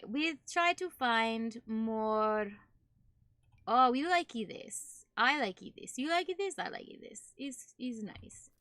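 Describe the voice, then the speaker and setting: A woman putting on a broken-English character with a mock German accent, her words slow and deliberate. Her tone is bright and a little high. It sounds close and dry, with no room echo. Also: heavily acted. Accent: put-on German. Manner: clipped broken grammar, drops articles. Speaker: streamer. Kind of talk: playful put-on voice while streaming.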